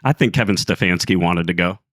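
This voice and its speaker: A man who is a guest on a podcast, talking in casual chat and often halting and repeating words. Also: low-pitched, a bit bright, no echo, clean studio sound. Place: podcast studio.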